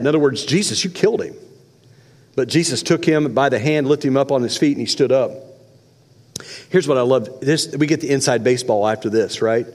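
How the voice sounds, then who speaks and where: Male pastor, fairly high voice, animated conversational preaching, long hall reverb. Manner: animated, conversational preaching with sudden loud and soft swings. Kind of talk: sermon.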